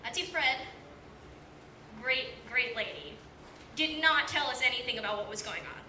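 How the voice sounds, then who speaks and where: A woman's voice: fairly high pitch, expressive, moderate pace, pushed and bright. Rambling eighteen-year-old woman doing stand-up. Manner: rambling, self-deprecating, lots of filler "like". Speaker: stand-up comic at an open mic. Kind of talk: stand-up comedy storytelling. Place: small comedy club, live audience. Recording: distant, echoey club room with background noise.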